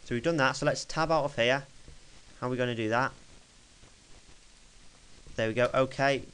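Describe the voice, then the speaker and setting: A young man talking through a casual screen-recorded software tutorial at his computer desk, chatty and rambling, correcting himself as he clicks along. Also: medium pitch, normal speed, smooth, poor audio. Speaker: tutorial maker.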